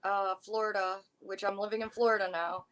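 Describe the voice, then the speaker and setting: A woman from Chicago co-hosting a podcast, chatty and bubbly and quick to laugh. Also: medium pitch, flat delivery, a bit bright. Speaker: podcast co-host. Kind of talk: casual chat.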